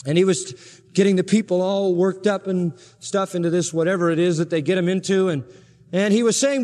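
High-voiced male preacher in a reverberant hall. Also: steady tone, brisk, darkish tone. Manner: emphatic, asks rhetorical questions. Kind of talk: sermon.

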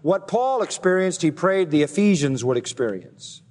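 A man's voice: high-pitched, sing-song, normal speed, a little mellow, in a large hall. A man preaching an expository sermon as pastor, emphatic, his voice climbing on key phrases.

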